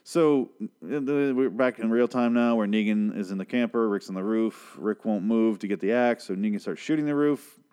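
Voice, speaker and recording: A man's voice: on the low side, normal speed, hardly any pauses, dark tone, smooth. A young man casually recapping a TV episode in a rambling, profane, sarcastic way. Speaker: TV show reviewer.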